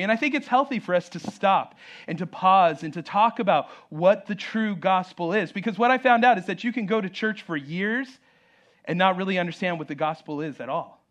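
A man preaching a sermon, animated, with joking asides and acted-out quoted voices. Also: high voice. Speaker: pastor.

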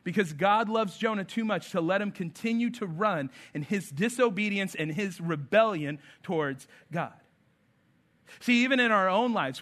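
A man in his thirties preaching a sermon, telling stories with lively acted-out voices. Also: high-pitched. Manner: storytelling, animated, acts out voices. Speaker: pastor.

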